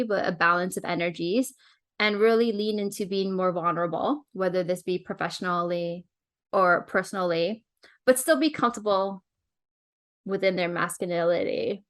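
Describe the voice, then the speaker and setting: Chatty enthusiastic woman podcast host. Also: mid-range voice. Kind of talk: casual podcast interview.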